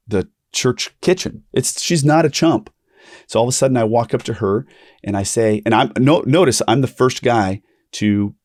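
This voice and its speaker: This ministry podcast host, a man, relates a story conversationally, with frequent restarts and repetition, animatedly performing quoted speakers with big pitch jumps. The studio sound is clean, without echo.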